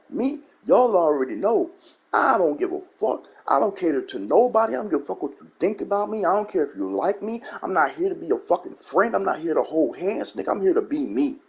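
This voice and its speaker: A man's voice: a little high, darkish tone, slightly rough. A man hosting his gaming channel, ranting bluntly and profanely in a commentary monologue and repeating his catchphrases. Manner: blunt, profane, repeats "you know what I'm saying".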